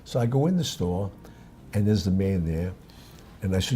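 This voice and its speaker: Older new guy spinning yarns, low gravelly voice that swings all over, dark tone. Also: a little fast, a little hiss or hum. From New York. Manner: animated, acts out the voices of people in his stories. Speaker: guest. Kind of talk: casual storytelling.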